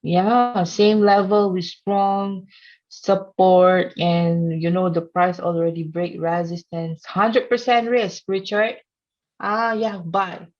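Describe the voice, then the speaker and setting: A woman's voice: fairly low pitch, steady tone, slow pace, a little mellow. A woman teaching a trading course in English that is not her first language, playful and teasing, often laughing at her examples. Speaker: trading instructor. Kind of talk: teaching a course over a chart. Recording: dull lo-fi sound.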